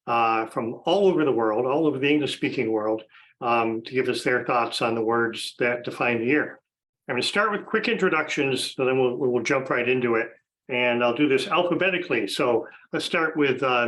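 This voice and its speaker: On a roughly recorded podcast, a male host with a mid-range, fairly bright voice introduces a panel of guests. He keeps it casual and chatty, with frequent fillers and restarts.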